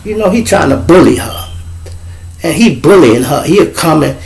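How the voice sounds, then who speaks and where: A gravelly, slightly high-pitched voice belongs to a middle-aged Chicago man hosting a casual monologue of family stories. At normal speed and on a rough recording, he's lively and profane, taking on the voices of those he quotes.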